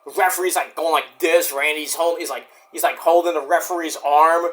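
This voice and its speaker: Here a show reviewer chats casually while watching, describing the action, muttering to himself, and wandering off into profane asides. He sounds bright and forward, pitched on the high side, keeping a steady tone and a fairly quick, off-the-cuff pace.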